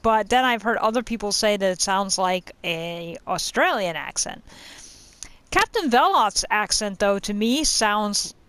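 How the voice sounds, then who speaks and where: In casual let's-play commentary, a woman with a medium-pitched, somewhat bright voice talks about her game while playing it. She's chatty and hesitant, thinking aloud with fillers and trailing off mid-sentence.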